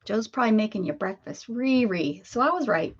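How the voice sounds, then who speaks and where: A woman's voice: medium pitch, expressive, brisk, muffled recording. A woman from the Pittsburgh area hosting a crafting live stream, chatting casually and greeting viewers by name as she works.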